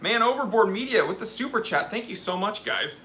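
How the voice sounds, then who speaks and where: A man's voice: high-pitched, lively intonation, fairly quick, sharp tone. A young man hosting a live watch Q&A stream, reading viewer questions and giving candid, joking opinions.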